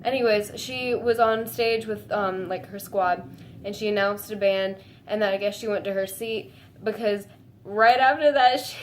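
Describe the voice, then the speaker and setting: A woman vlogging to her viewers in a gushing, excitable way, full of "like" fillers and breaking into high squeals. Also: a little hiss or hum. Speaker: fan vlogger. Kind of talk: casual chat to camera.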